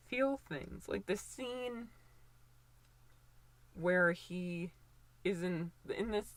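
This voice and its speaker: A woman's voice: lowish voice, fairly bright tone. A woman in her twenties giving casual, opinionated commentary, rambling with lots of fillers and restarts. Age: 20s.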